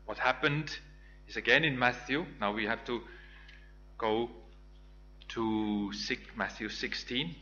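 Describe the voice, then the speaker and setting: Bright-voiced man preaching slowly. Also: medium pitch, lo-fi sound, slight background noise. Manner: reflective storytelling, reads scripture aloud with small restarts. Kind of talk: Bible teaching sermon.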